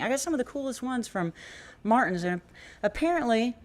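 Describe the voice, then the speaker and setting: A woman's voice: lowish voice, animated, fast talker. A woman hosting a small music cafe, introducing a performer with chatty, rambling stage talk and frequent laughter, speaking into a stage microphone. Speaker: venue host introducing a performer.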